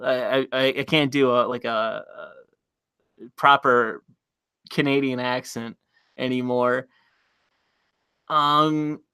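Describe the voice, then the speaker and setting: A man hosting a casual livestream, reading the chat aloud and answering in a blunt, offhand way. His voice is bright and smooth, a little higher than most men's. The recording is close and dry, with no room sound. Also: no room sound. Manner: blunt, reads chat messages aloud, frequent fillers and restarts.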